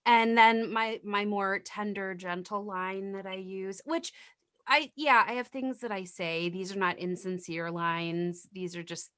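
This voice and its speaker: A woman's voice: medium pitch, fairly even intonation, unhurried, a bit bright, smooth, no echo. A woman nurse in casual podcast chat, telling work stories bluntly and swearing freely.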